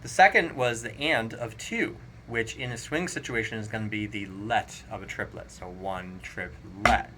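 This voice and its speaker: A man teaching a drum lesson, counting rhythms aloud in a relaxed, explanatory way. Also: mid-range voice, moderate pace, hardly any pauses, background noise. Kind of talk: casual spoken drum lesson. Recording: drums playing clearly behind the voice. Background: drum kit playing.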